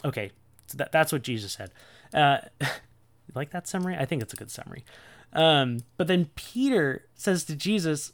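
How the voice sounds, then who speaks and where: Podcast host, male, chatty and amused, fillers and restarts, fairly high voice. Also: animated, moderate pace. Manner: chatty, laughs often, many fillers and restarts. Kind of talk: casual podcast talk on scripture.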